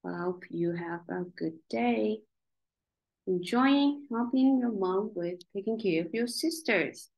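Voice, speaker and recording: A woman's voice: mid-range voice, slow, gravelly, lo-fi sound. A woman tutoring a child in spelling, patiently sounding out letters and syllables one by one. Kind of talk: one-on-one phonics lesson.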